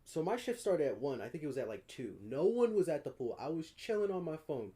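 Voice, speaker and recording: A man's voice: on the high side, sing-song, a little fast, warm tone. A young man co-hosting a podcast, telling a rambling, profane story in a laid-back, casual way. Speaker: podcast co-host.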